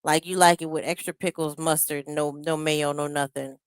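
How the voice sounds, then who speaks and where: A woman's voice: deep voice, steady tone, moderate pace, smooth, no room sound, clean studio sound. A woman hosting a live-stream reaction, talking casually and bluntly, cussing and greeting viewers in the chat.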